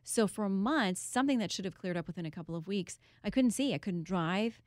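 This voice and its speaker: A woman's voice: mid-range voice, animated, a little fast, dry recording, clean studio sound. A woman guest in an interview, telling a personal story in an earnest, candid way with occasional laughs. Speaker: guest, author and TV host.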